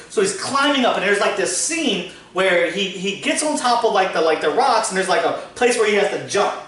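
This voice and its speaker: A man's voice: sits high, lively intonation, moderate pace, few pauses, a bit bright. A man hosting a business podcast, telling long casual stories full of "like" fillers and the odd swear word. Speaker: podcast host, business owner. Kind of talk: casual storytelling chat. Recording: echoey room, distant mic, faint noise.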